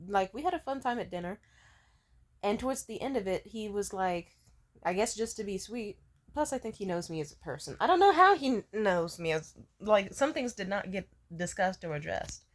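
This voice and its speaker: A woman's voice: mid-range voice, animated, normal speed. A hungover young woman telling a rambling, swear-filled story to camera, laughing often. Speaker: vlogger. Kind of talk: casual storytime rant.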